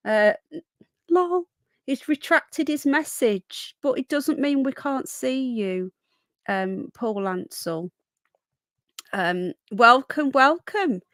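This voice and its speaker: A woman's voice: a little high, animated, slow, a bit bright, no room sound. A woman hosting a casual livestream, chatting and greeting viewers by name with a runny nose, a bit unwell. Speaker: livestream host. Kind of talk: casual live chat.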